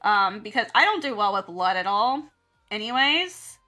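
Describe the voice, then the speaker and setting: Soft music plays as a Southern woman who teaches and streams art chats casually during a drawing session, rambling, laughing a lot, and acting out her own reactions. She speaks at a moderate pace in a very animated, bright, forceful voice of medium pitch.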